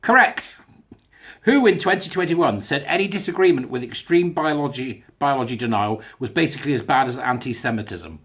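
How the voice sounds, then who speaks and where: A man putting on the voice of a pompous middle-aged male TV quizmaster, drawn out and booming. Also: expressive, fairly bright tone. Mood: grand. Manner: booming, drawn-out quiz-host delivery.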